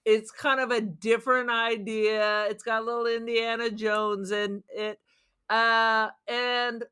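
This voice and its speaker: A woman's voice: medium pitch, little pitch movement, slow, pushed and bright, smooth. A woman co-hosting a podcast, giving her take on a film in a blunt, salty, often laughing casual chat. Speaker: podcast co-host.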